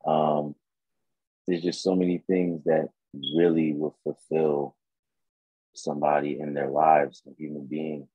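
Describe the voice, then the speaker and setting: Very deep, husky man guest. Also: a little slow, no echo. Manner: relaxed, reflective, with many fillers. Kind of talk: casual chat. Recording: dull, dry close recording.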